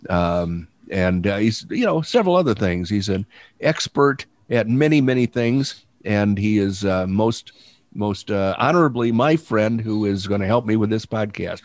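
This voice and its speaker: A man hosting a casual podcast, his voice husky from a cold, rambling and wry with many fillers. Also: on the low side, no room sound. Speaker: podcast host.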